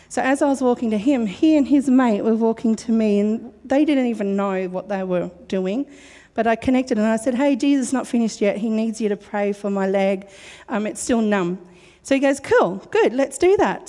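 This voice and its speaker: A woman giving a joyful, giggly testimony in church and telling her story with animated energy. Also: mid-range voice. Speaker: church member sharing a testimony. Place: church hall. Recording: long reverb of a hall.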